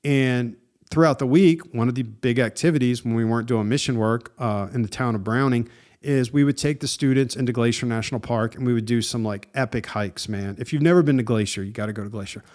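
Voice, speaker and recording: A man hosting a podcast, telling a story in a casual, animated way and often saying "dude" and "man". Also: medium pitch, brisk. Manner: animated and conversational, with frequent "dude" and "man", laughs at himself. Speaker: podcast host.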